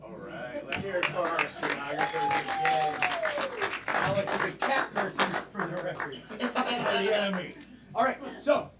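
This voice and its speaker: Energetic male improv host, animated and high, on a roomy stage with the mic far off. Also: moderate pace, over loud music. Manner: energetic emcee hyping the crowd. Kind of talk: live comedy show hosting. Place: theater stage. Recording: echoey theater from a far mic, loud crowd.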